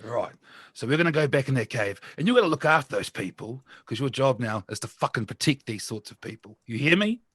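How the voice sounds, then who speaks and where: A man with an English accent playing a tabletop character, gruff and intimidating, swearing as he speaks. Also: mid-range voice, lively intonation, fairly quick, a bit bright, no room sound, studio quality. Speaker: tabletop player. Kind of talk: in-character tabletop role-play.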